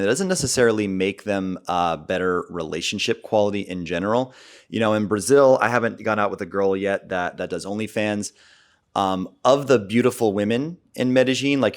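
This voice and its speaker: An American man ranting bluntly and off the cuff as the host of a dating vlog, opinionated and rambling. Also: deep voice. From United States. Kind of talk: casual off-the-cuff vlog rant.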